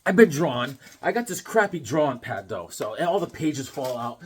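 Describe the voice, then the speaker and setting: A man's voice: mid-range voice, sing-song, moderate pace, hardly any pauses, darkish tone. A man hosting his own comic book channel, chatting in a jokey, rambling way. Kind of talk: casual chat.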